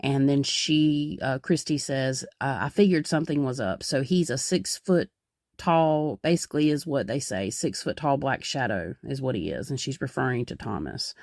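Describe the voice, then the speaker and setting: A woman's voice: rumbling low, animated, normal speed, a little mellow, dry recording, clean studio sound. A young woman hosting a podcast as a psychic medium, explaining in a rambling, casual way with many fillers.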